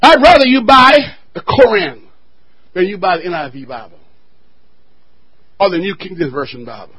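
High, lively, fiery male preacher. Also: moderate pace, breathy edge, low-quality recording. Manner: call-and-response, building to shouted refrains. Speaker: pastor. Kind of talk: fiery sermon.

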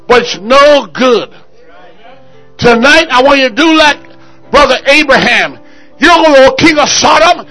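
A man preaching a fervent sermon at a church service, shouting and rousing the congregation with call-and-response. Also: extremely high pitch, lively intonation, measured pace, pauses often, soft background music.

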